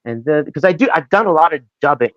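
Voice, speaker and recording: A man's voice: a little high, fast talker, dry recording. A male actor, a guest on a podcast, with a slightly raised voice, telling loose, rambling stories. The sound is dry and a little dull, like a cheap recording. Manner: rambling, animated storyteller who slips into voices. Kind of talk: casual interview chat.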